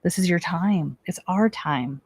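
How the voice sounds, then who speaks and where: A woman's voice: lowish voice, a little slow, darkish tone, husky, no room sound. A woman hosting a spiritual talk radio show, speaking in an earnest, encouraging way and asking many rhetorical questions.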